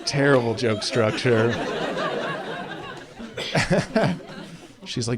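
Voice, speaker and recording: A male stand-up comedian performing live on a club stage, his voice sitting somewhat high. He tells his stories with self-deprecating, deadpan asides. A crowd is clearly heard laughing around him. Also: moderate pace. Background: audience laughing.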